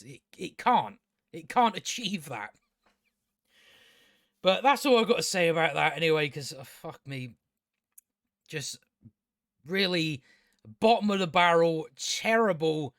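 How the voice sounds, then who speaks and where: A man's voice: a little high, fairly bright tone, no room sound, studio quality. A man reviewing a TV show in a casual rant, blunt, scornful and full of swearing.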